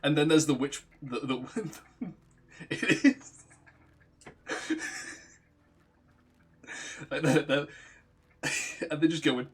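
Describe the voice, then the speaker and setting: A man casually recounting a tabletop game session, animated, swearing freely and laughing often. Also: a little high, extremely slow, pauses often, slightly rough. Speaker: streamer recounting a tabletop campaign. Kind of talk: casual storytelling.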